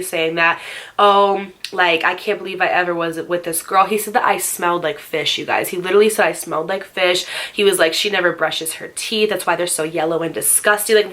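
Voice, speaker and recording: Chatty young woman telling a story. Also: medium pitch. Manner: chatty, heavy use of "like", animated asides to viewers. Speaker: YouTube storyteller. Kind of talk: casual storytime vlog.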